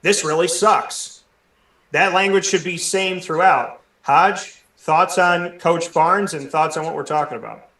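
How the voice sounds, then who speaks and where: A man hosting a sports talk show, speaking in an animated way with many restarts. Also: fairly high pitch, a little slow, roomy sound, recorded from a distance. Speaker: sports radio show host. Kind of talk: casual discussion, hosting.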